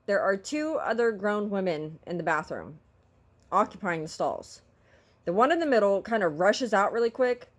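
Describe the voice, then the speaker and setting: A middle-aged woman telling a story in a casual vlog, talking in an exasperated, vocal, ranting way. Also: fairly low pitch. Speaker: vlogger.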